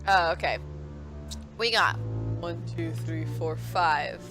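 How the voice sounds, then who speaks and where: A woman's voice: fairly low pitch, slow pace, over loud music. Laid-back, teasing woman game master. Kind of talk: narrating a tabletop game.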